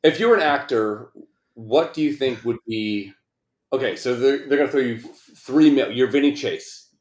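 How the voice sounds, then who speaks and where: A podcast co-host rambles and jokes his way through casual chat, swearing plenty. His mid-range voice moves at a moderate pace, and the sound is roomy.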